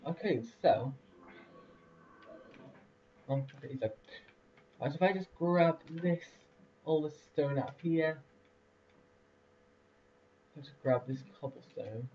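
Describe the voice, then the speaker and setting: A man's voice: a little high, slow pace, pauses often. A young man casually commentating a building game, rambling with lots of fillers and laughs. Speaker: let's play host. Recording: distant lo-fi mic.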